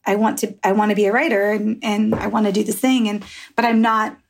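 A woman is being interviewed on a podcast, and she talks in a frank, rambling way, swearing and laughing easily. Her voice has a gravelly fry and a slightly husky edge. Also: medium pitch, little pitch movement, fairly quick. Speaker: author guest. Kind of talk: candid interview conversation.

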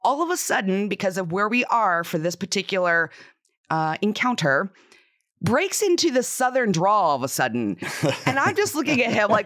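A woman investigator telling a story on a podcast in an animated, lively way. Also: mid-range voice, moderate pace, no room sound, clean studio sound. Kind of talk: casual storytelling.

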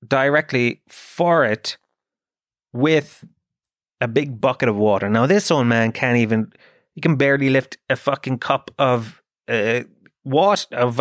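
A man rambles through a self-mocking story on his podcast, cursing casually as he goes. His voice sits at an ordinary middle pitch, and the sound is close and dry, with no room echo. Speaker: podcast host.

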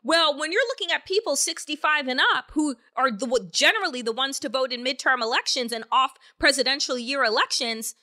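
A woman's voice: high voice, fairly quick, hardly any pauses, sharp tone. A woman hosting a political podcast, delivering angry, emphatic commentary with heavy swearing and rhetorical questions. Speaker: podcast host. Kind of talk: opinionated political commentary with profanity.

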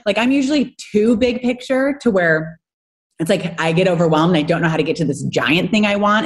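A woman in her thirties, a guest in casual podcast chat, talking in a chatty, animated way with lots of fillers and quick laughs. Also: lowish voice. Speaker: guest, home organizing business owner.

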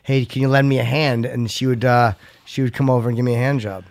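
A man's voice: medium pitch, fairly even intonation, quick pace, darkish tone. A man hosting a radio show, bantering crudely and plugging tour dates from a studio microphone. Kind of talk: casual radio chat.

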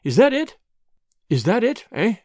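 A gruff, suspicious middle-aged man barks and snarls each line with lively swings in pitch. A man reads him aloud in a storybook. The sound is dry and close, with no room around it. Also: a little slow, no room sound. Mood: angry. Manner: snarling, barking.

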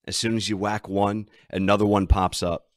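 A man's voice: on the low side, flat delivery, normal speed, no echo, clean studio sound. A man hosting a sports betting podcast, ranting and emphatic as he talks through his team's troubles. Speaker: podcast host.

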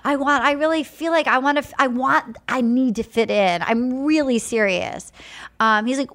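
Animated, profane podcast host woman. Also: sits high, normal speed. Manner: animated, profane, acts out quotes. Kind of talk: casual chat recapping a show.

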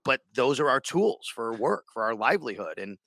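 Bright-voiced rambling sports radio host. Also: male voice, medium pitch, very animated, normal speed, no room sound, studio quality. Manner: rambling, restarts sentences often. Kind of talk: casual podcast chat.

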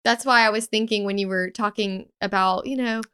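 Bright, clear-voiced chatty woman. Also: medium pitch, fairly even intonation, fairly quick. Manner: chatty storyteller, frequent "like" fillers. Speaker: podcast co-host. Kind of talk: casual chat.

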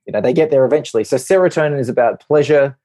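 A man, a doctor guest on a podcast, explaining a topic in lively talk and acting out quick little voices in his examples. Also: medium pitch, no room sound.

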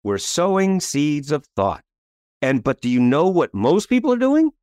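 A coach and author with a slightly high voice recounts a story as an interview guest, keeping a moderate pace. He animates the quotes and repeatedly checks in with "right?" The sound is dry and of studio quality.

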